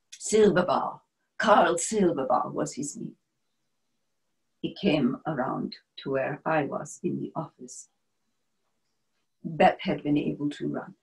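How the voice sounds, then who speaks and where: A brave wartime helper, played by a woman, tells her story in a grave, measured first-person monologue. Her voice sits a little low and sinks at times to a hushed whisper. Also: gravelly, heavily acted, rough recording. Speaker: stage performer.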